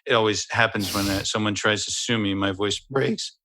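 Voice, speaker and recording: A man doing an impression of a smooth-talking middle-aged American male film star, drawling and self-mocking. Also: fairly low pitch, steady tone, moderate pace, bright, forceful tone. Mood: sly. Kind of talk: celebrity impression.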